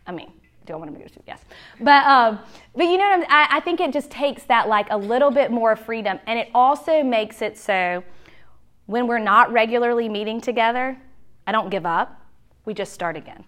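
A woman's voice: animated, normal speed, fairly bright tone. A woman, giving a chatty, heartfelt church workshop talk and acting out quoted lines. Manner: chatty, heartfelt, acts out quotes with big pitch swings. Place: church meeting room.

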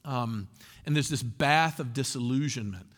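A man preaching a sermon as a pastor, telling stories and acting out quotes with lively delivery. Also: mid-range voice, normal speed. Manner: animated storytelling with acted quotes. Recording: long reverb of a large hall.

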